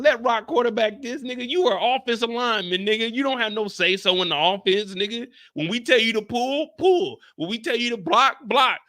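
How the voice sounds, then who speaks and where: Animated ranting man hosting a live stream. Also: extremely high pitch, no room sound, clean studio sound. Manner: loud profane ranting, talks straight to chat. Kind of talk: live after-show commentary.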